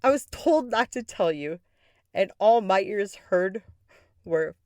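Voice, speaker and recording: Woman rambling thru a wild personal story, cusses a lot, voice jumps up high for effect, dry close mic. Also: expressive, takes it slowly, a little mellow, no room sound. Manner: candid, swears freely, pitch jumps up for emphasis. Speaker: podcast host. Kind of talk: casual storytelling.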